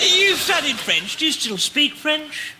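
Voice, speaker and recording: A man's voice: extremely high pitch, big pitch swings, measured pace, sharp tone, slight background noise, heavily acted. A man playing a flamboyant older woman chat show host, teasing her guest with arch, mock-sweet jabs. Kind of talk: comic talk show interview.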